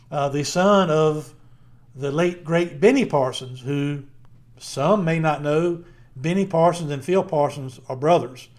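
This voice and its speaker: A man's voice: fairly high pitch, a little mellow. A middle-aged man with a Southern Virginia accent, co-hosting a casual podcast chat in a rambling, friendly way with many fillers. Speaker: podcast co-host.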